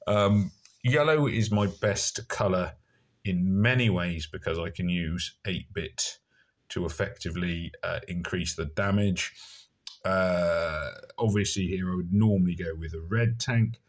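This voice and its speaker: Low-voiced rambling Somerset man. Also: measured pace. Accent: Somerset English. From Somerset, England. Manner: rambling and self-deprecating, with many fillers. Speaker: gaming video creator. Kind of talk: casual gameplay commentary.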